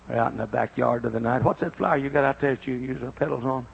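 An older man preaching a sermon, dropping to a low confiding tone and rising to high shouted praise. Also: fairly even intonation, fast talker, vocal fry, few pauses, highs cut off, a little hiss or hum.

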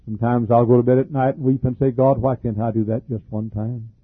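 An older man preaching a fervent sermon as pastor, with a husky, troubled voice, frequent coughs and repeated words. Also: medium pitch, little pitch movement, a little fast, dry recording. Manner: fervent preaching with repetitions and laughs. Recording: dry, phone-like lo-fi recording.

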